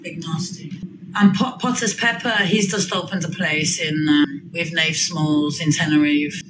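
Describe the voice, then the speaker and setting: A woman's voice: sits low, steady tone, unhurried, echoey room, background noise. Erratic, boastful woman streaming. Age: 40s. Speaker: livestreamer. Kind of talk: rambling livestream chat.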